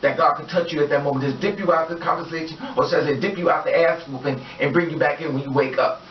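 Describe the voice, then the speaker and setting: A woman's voice: low-pitched, steady tone, fast. A woman vlogger ranting in a heated, profane and emphatic way. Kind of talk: personal vlog rant. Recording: echoey, distant, dull-sounding room recording.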